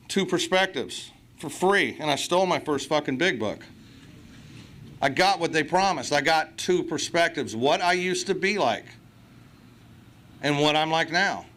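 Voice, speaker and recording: A man's voice: a little high, bright, forceful tone. Profane, blunt man sharing at a meeting. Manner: profane, blunt, self-mocking humor. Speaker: AA speaker. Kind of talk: recovery meeting share. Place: meeting hall.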